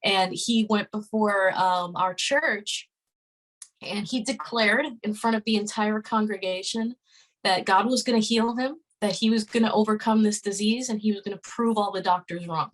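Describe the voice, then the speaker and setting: This is a woman in her 30s, medium in pitch and moderate in pace, heard over poor audio. She's a guest on a podcast, casually and earnestly telling a story with lots of filler words and restarts.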